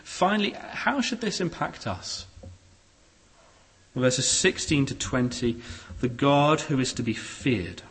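A man preaching a sermon in a church hall, expressive, with shifting pace and loudness. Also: medium pitch, takes it slowly. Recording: echoey hall.

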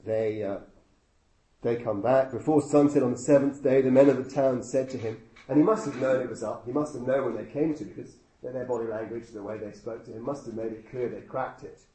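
A man's voice: medium pitch, steady tone, brisk, warm tone. A man preaching a sermon in a conversational way, full of rhetorical questions and dry humor. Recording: echoey room with faint noise.

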